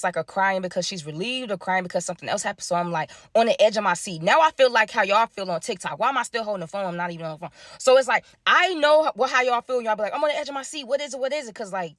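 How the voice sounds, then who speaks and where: A young woman from Dallas telling a casual story time, animated and slangy, acting out her friends' lines. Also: mid-range voice, fast, hardly any pauses, no echo, clean studio sound. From Dallas, Texas.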